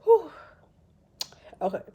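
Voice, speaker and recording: A young woman talking to her vlog camera, halting and restarting as she fights back tears. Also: phone-quality sound. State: tearful. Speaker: vlogger. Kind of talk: emotional personal vlog.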